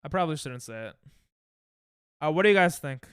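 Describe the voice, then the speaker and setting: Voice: mid-range voice, animated, a little fast, smooth, dry recording, studio quality. A young adult streamer chatting casually with viewers while playing, reacting to chat and laughing often. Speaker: Twitch streamer.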